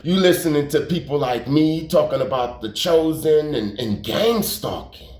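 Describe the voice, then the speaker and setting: The YouTube storyteller here sounds animated, with a voice on the high side and a darkish tone, speaking at a measured pace. He rambles casually, repeats himself, and uses slang and curses for emphasis. A roomy echo is present.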